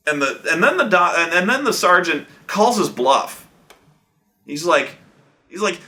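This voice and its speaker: Guy in his 30s ranting about a tabletop game, swears a lot, bright voice that jumps all over. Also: sits high, a little slow. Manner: excitable, profane, acts out players with loud outbursts. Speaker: game master telling table stories. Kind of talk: animated storytelling chat.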